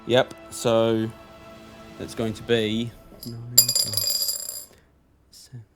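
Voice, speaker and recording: A man's voice: medium pitch, slow pace, music in the background. Upbeat young man running a tabletop game. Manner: upbeat, lively, chatty. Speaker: game master.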